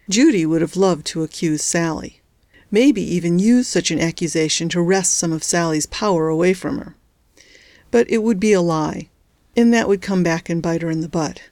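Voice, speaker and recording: Woman narrating a novel, lowish voice, steady pace, dry close recording. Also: moderate pace, no room sound. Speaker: audiobook narrator. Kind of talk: scripted narration.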